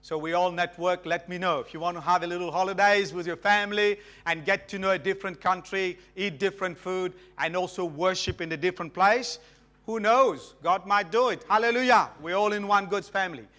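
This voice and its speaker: A man's voice: high-pitched, fairly quick, hardly any pauses. A middle-aged man from Mauritius, preaching a sermon as a guest and calling for responses from the congregation. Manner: animated, calls for audience responses.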